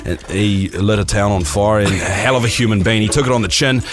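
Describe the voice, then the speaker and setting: A man's voice: lowish voice, steady tone, brisk. A man in his thirties telling a long rambling story as a podcast guest, laughing his way through it. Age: 30s. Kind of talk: casual podcast anecdote.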